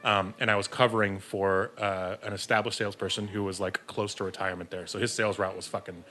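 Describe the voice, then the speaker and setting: A man's voice: on the low side, little pitch movement, quick pace, sharp tone. A man, a podcast guest who works in beer distribution, telling a rambling story in casual chat, swearing freely and laughing at himself.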